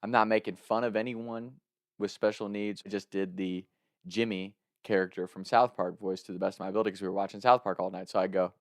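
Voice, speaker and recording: Low-voiced man telling a comic story. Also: fast, no room sound, clean studio sound. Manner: animated, laughs often while telling the story.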